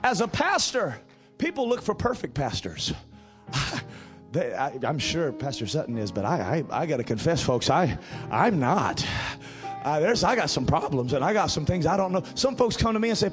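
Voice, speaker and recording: A middle-aged male pastor preaching a sermon, building to drawn-out shouted emphasis. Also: fairly high pitch, very animated, faint music behind.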